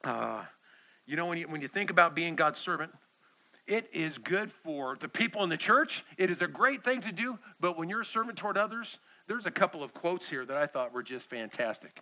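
A man's voice: fairly high pitch, lively intonation, a little fast, sharp tone. A middle-aged man, a pastor, preaching a sermon in a church and acting out quoted voices with animation. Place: church sanctuary. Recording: slightly dull lo-fi sound.

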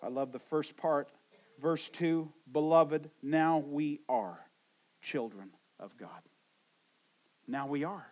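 A middle-aged man preaching a sermon, swinging from loud exclamations to hushed, earnest asides and acting out inner voices. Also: a little high, slow pace, long pauses, muffled recording. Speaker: pastor.

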